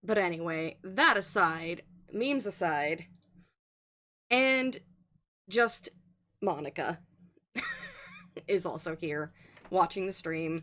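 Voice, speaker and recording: Woman host, low-ish voice, rambling casual game recap. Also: expressive, takes it slowly, pauses often, sharp tone. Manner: rambling recap with filler ums and laughs. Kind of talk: casual let's play chat.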